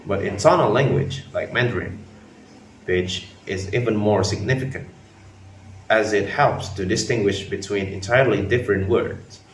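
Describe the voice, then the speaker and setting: A man's voice: fairly low pitch, normal speed, a little hiss or hum. A young man, a student, giving a class presentation, explaining from notes. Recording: roomy, distant mic, faint ambience.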